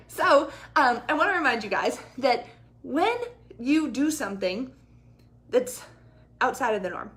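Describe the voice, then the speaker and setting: A woman's voice: on the high side, fairly bright tone. A woman in her thirties, a fitness coach, chatting casually and animatedly to her viewers and swearing freely. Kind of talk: casual livestream chat. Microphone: ring light and camera close up.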